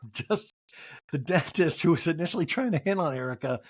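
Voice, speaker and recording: A woman hosting a podcast, recapping a TV episode in rapid, chatty comedic talk full of fillers. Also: sits low, lively intonation, slightly rough, dry recording. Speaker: podcast host.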